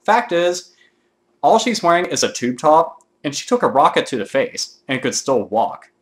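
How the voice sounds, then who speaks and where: A man hosting his own gaming video, ranting casually to camera with constant swearing and excitable outbursts. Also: a little high, moderate pace.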